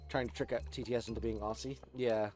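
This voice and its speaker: A man's voice: mid-range voice, fairly even intonation, quick pace, darkish tone. Chatty man talking over game music. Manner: chatty, rambling, frequent restarts. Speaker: gaming streamer. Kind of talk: casual gameplay commentary. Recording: game music playing behind.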